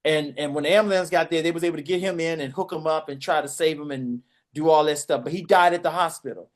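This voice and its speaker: Animated man. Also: fairly high pitch, quick pace. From Washington, DC. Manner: animated, acts out voices and shouts. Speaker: podcast co-host. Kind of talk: casual storytelling.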